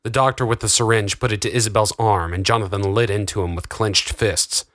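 A man reading a fantasy novel aloud in steady, dramatic narration. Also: on the low side, brisk, no echo, clean studio sound. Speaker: audiobook narrator. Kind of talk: scripted narration.

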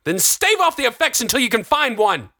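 A man's voice: mid-range voice, lively intonation, normal speed, no echo, clean studio sound, voice pushed up, lightly acted. A man doing a desperate, furious young man. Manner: pleading, shouting in anguish.

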